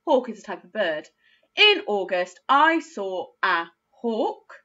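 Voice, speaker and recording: A woman's voice: medium pitch, lively intonation, measured pace, sharp tone. A woman teaching a phonics lesson to young children, sounding out words letter by letter. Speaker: primary school teacher. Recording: dull lo-fi sound.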